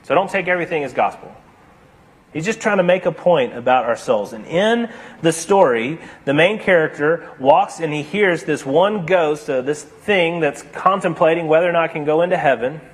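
A man's voice: a little high, lively intonation, normal speed, breathy edge. A man preaching a sermon, retelling a story dramatically and acting out the characters' dialogue.

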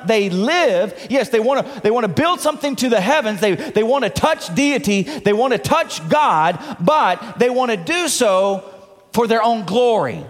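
A man's voice: very high voice, in a large hall. A male pastor preaching a sermon to his congregation, with playful asides and repeated words as he builds a point. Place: church sanctuary.

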